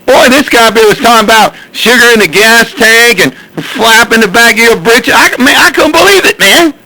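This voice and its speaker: Stammering, high-voiced man on a CB radio. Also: animated, moderate pace, bright, forceful tone, rough recording. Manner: stammering, laughing, repeating himself. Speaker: CB radio host. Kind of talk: casual CB radio banter. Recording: voice over CB radio.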